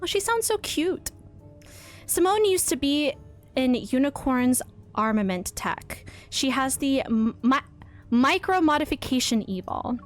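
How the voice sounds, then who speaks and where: A woman's voice: high voice, animated, a little slow, soft background music. Bubbly woman streaming a game. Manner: bubbly, reads story text aloud. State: out of breath. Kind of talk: casual live gameplay commentary and reading.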